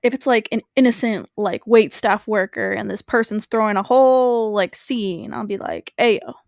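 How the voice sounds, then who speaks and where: A woman's voice: medium pitch, normal speed, creaky, dry recording, clean studio sound. A woman co-hosting a podcast in casual chat, rambling with lots of fillers. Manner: rambling, many fillers, animated. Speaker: podcast co-host.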